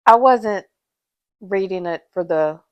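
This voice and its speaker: A woman co-hosts a podcast in casual chat, full of playful banter and easy laughter. Her voice sits at a middle pitch. The recording is dry and close-miked. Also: takes it slowly, dry recording. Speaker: podcast co-host.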